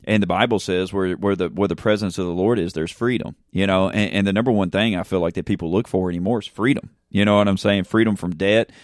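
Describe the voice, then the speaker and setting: A pastor talking in a casual chat, fervent and preacher-like, often asking "you know what I'm saying?". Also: male voice, deep voice, fairly even intonation, fast talker, few pauses, no room sound, studio quality. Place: in a church.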